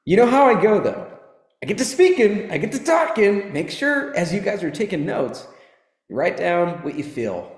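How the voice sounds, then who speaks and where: A man giving a casual, animated motivational talk to an audience, swearing and joking as he tells a fable. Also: medium pitch. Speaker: motivational teacher. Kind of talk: live motivational talk with storytelling. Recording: echoey hall.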